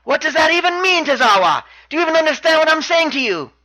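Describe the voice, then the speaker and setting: A man voicing a shouty, sneering wrestling champ. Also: very high-pitched, brisk, pitched above the performer's own voice, poor audio. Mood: condescending. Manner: shouting, mocking, condescending. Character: arrogant taunting male wrestling champion.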